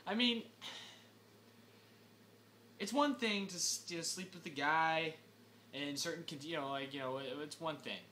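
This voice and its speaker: A young man ranting through a film review, exasperated and animated, breaking into sudden shouts. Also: on the high side, a little slow, long pauses, slight background noise. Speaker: movie reviewer.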